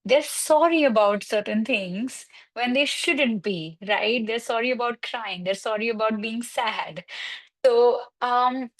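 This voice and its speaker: In a webinar discussion, a woman counseling psychologist speaks slowly in a slightly high voice, reassuring listeners and explaining with everyday examples and quoted parent worries. The recording is rough.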